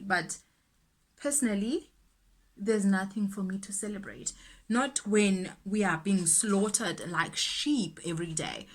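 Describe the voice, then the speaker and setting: A woman's voice: medium pitch, fairly bright tone. A young South African woman with a South African accent, chatting earnestly and indignantly while getting ready, with emphatic repetitions. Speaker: YouTuber. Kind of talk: casual get-ready-with-me chat.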